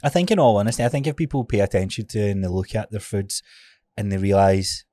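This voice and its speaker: Low-voiced man hosting a chat. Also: quick pace, no room sound. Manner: relaxed, agreeable, many fillers. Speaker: podcast host. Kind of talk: casual interview chat.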